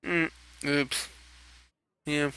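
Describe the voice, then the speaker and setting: Rambling, gravelly young man swearing at a game. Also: a little high, flat delivery, drawn-out words, pushed and bright, low-quality recording. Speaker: streamer. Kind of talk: casual gaming commentary.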